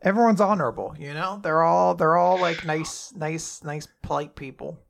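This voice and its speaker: A man talks casually on a manga review show. His voice sits a little high, and his manner is loose, rambling and laid-back, with easy swearing. The chat feels unscripted. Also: moderate pace, gravelly. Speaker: podcast co-host.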